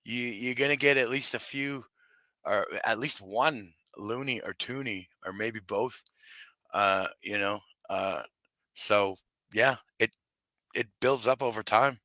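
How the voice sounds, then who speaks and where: Man with a bright, hesitant delivery. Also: lowish voice, measured pace, dry recording. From Canada. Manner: hesitant, trails off, laid-back storytelling. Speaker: live stream co-host. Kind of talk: casual banter.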